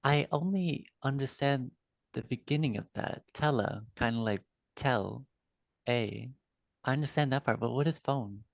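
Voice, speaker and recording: A man with a gravelly voice playing a tabletop game in character. He talks earnestly and a little naively, on a dry, close recording. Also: mid-range voice, a little slow, no echo. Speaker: player.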